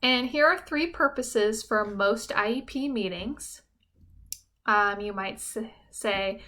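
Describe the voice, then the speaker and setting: A woman's voice: medium pitch, measured pace, sharp tone. A young adult woman teacher giving a recorded lesson, explaining things simply and patiently and often checking in with "okay?".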